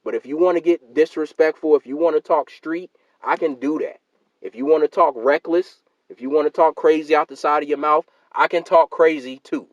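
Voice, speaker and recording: Speaking briskly with a steady tone, a slightly high-voiced man delivers a heated, argumentative solo rant to his channel's viewers. He keeps repeating his points and addresses people as "sister" and "fam"; the audio has no room sound and the highs are cut off.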